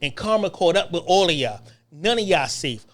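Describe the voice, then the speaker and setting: An American man hosting a podcast, delivering a heated, profane solo rant in hammering repeated phrases that climb louder as he gets worked up. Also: lively intonation, normal speed. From United States. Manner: grows louder and higher when worked up. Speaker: podcast host.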